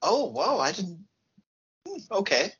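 A man's voice: high voice, big pitch swings, a little slow, fairly bright tone, husky, highs cut off. A man co-hosting a podcast, trading short replies and dry puns in casual film talk. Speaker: podcast co-host.

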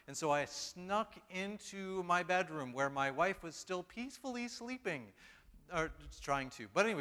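A man's voice: fairly high pitch, sharp tone, long reverb tail. A man preaching a casual, self-deprecating sermon to his congregation, stumbling and restarting his sentences often. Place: church hall.

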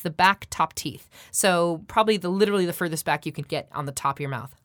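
A woman who is a trained actor and accent coach, chatting animatedly, quick to laugh, and demonstrating sounds as she explains them. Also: on the low side, a bit bright, dry recording.

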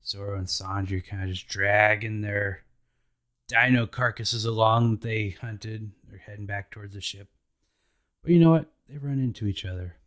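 A man's voice: fairly low pitch, moderate pace, a bit bright. A man hosting a podcast, recapping anime episodes in a laid-back, slangy way.

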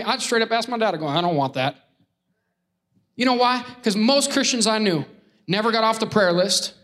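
High-voiced, animated male preacher. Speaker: pastor. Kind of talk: lively sermon with crowd call-outs.

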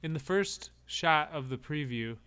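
A man co-hosting a podcast in casual chat, making dry, deadpan jokes. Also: on the high side, measured pace, clean tone. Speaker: podcast co-host.

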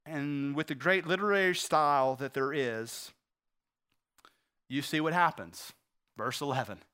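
A man preaching a sermon, acting out the quotes he reads and swinging between loud outbursts and hushed lines. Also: on the high side, measured pace, smooth.

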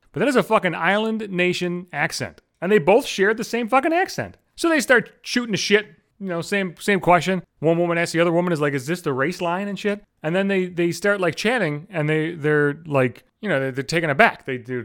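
A man with a high, lively voice tells a long story on his own. He talks fast and swears in nearly every sentence, rambling through the telling. His pitch climbs and falls a lot. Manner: profane, rambling, heavy swearing. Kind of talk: casual storytelling monologue.

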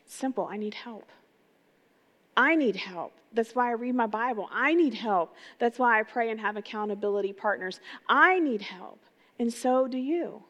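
A middle-aged woman pastor giving an energetic, conversational sermon, often putting rhetorical questions to her congregation. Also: a little high, normal speed, lo-fi sound. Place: church sanctuary. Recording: long reverb of a large hall.

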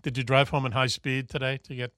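A man's voice: medium pitch, level tone, sharp tone, no room sound, clean studio sound. A man hosting a casual radio talk show with a Boston accent, rambling and joking between topics. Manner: jokey, rambling, quick asides.

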